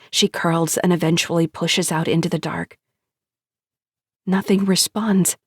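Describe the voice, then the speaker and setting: A woman narrating an audiobook in a measured, hushed storytelling manner on a close studio mic. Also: mid-range voice, slightly rough, dry recording.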